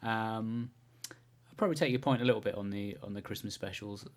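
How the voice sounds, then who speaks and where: Low-voiced British man, measured. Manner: measured, lots of short agreeing replies. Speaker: podcast co-host. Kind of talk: casual chat.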